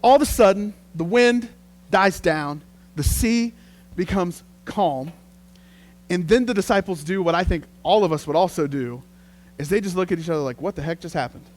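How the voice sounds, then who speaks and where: High-voiced pastor preaching lively. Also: male voice, normal speed. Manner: lively, conversational storytelling. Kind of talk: sermon.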